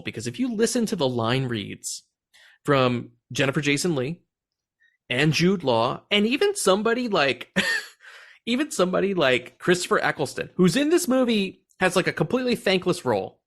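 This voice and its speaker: Movie podcast host guy, lively swoopy voice, kinda high, laughs a lot and swears. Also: moderate pace. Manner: animated, swears casually, laughs often. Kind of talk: casual movie review chat.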